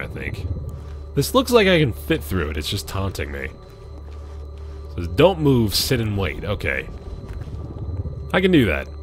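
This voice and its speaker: A man casually commenting as he plays a video game, thinking aloud in a chatty way. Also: low-pitched. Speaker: gaming channel host. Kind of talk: let's play commentary.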